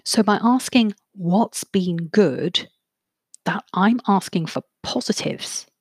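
A woman, a therapist hosting her own podcast, explaining ideas in a clear, measured way and slowing down to stress key phrases. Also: medium pitch, lively intonation, no echo, clean studio sound. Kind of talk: solo podcast talk.

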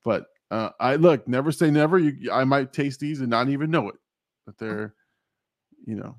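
A male host chatting casually on a live stream, reading viewer comments aloud and reacting to them. His voice sits at a middle pitch. The recording is dry and close. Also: moderate pace, dry recording.

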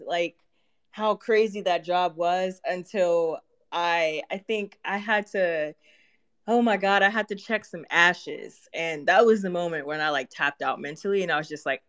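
Artist guest, candid and expressive, quick to laugh, mid-range voice. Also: mid-range voice. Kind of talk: casual interview chat.

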